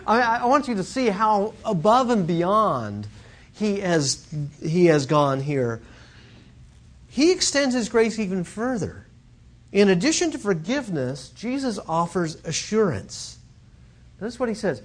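Animated man preaching a sermon. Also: high-pitched, moderate pace. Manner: animated teaching, acts out quoted voices. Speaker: Greek professor preaching.

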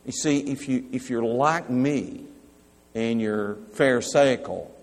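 A man's voice: mid-range voice, takes it slowly. A middle-aged man preaching a sermon in a conversational teaching way, reading verses aloud and putting questions to the listeners. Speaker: pastor. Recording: long hall reverb.

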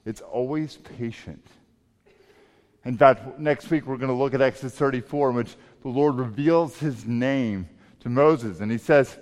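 A man preaching a sermon as pastor, emphatic and swinging between loud and soft delivery. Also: medium pitch, unhurried. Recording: long reverb of a large hall.

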